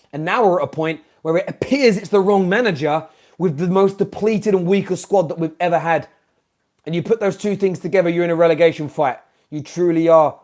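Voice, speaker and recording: A man with a British accent hosting a football fan channel, ranting live after a match, swinging from shouting to muttering and repeating himself in exasperation. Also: a little high. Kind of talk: live-stream post-match rant.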